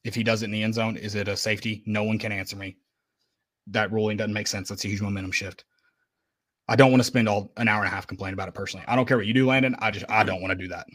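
A man's voice: fairly low pitch, fairly even intonation, racing, fairly bright tone. A man co-hosting a casual sports podcast, venting bluntly and with emphasis about a loss. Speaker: podcast co-host.

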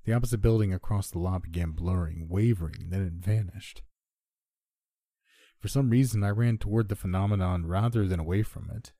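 Deep husky guy reading a creepy first-person story, dry close sound. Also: mellow, dry recording. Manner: measured, subdued storytelling. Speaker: horror story narrator. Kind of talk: scripted first-person horror narration.

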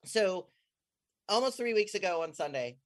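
Excitable rambling storyteller, mid-pitched voice. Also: moderate pace. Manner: excitable, bursts into high squeals when quoting herself; rambling, many restarts and trailing phrases. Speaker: guest telling a personal story. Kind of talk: casual conversational storytelling.

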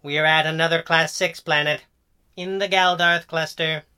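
A man's voice: fairly high pitch, fairly even intonation, moderate pace, pushed and bright, smooth, voice pushed up. A man voicing a small, dry, sardonic robot who sticks to the rules. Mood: matter-of-fact. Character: small grumpy rule-bound male robot on wheels.

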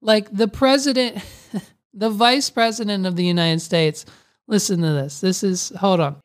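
Woman commentator, casual comedic rant, rambling, crude, middle-pitched. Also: a little slow. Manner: rambling, crude, full of likes.

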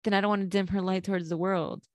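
A woman's voice: medium pitch, steady tone, fast talker, a little hiss or hum. A young woman co-hosting a podcast in casual chat, candid and laughing, swearing freely and slipping into Spanish phrases. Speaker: podcast co-host.

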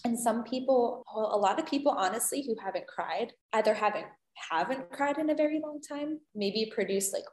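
A woman who is a holistic healing guest, chatting gently and effusively in a casual interview. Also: on the high side, normal speed, few pauses, roomy sound. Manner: gentle, effusive, many "beautiful"s and "um"s.

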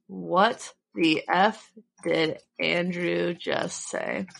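A woman co-hosting a podcast in casual chat, wry and deadpan as she teases. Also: lowish voice, very slow, creaky. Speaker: podcast co-host.

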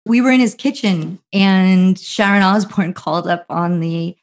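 A middle-aged woman from New Jersey telling a long story as a guest, animated and full of fillers, acting out other people's quotes. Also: mid-range voice, a little slow. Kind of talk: casual anecdotal storytelling.

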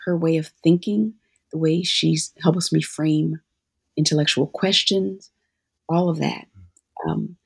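An author and guest answering interview questions in a thoughtful, halting way with many fillers. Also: mid-range voice, creaky, darkish tone, husky.

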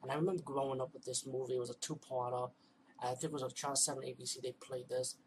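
Flat-voiced man rambling through a review. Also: mid-range voice, very fast, a little hiss or hum, poor audio. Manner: rambling with many fillers and restarts. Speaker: video reviewer. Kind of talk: casual home video review.

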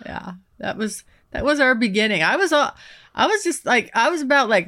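A woman's voice: fairly high pitch, very animated, fairly quick, bright, forceful tone. A woman hosting a podcast, chatting frankly and teasingly and laughing often. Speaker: podcast host. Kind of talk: casual chat.

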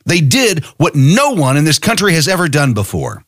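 A man's voice: a little high, huge pitch swings, normal speed, fairly bright tone, dry recording, clean studio sound. An angry man hosting a podcast, delivering an impassioned, profane political monologue full of rhetorical questions. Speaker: podcast host.

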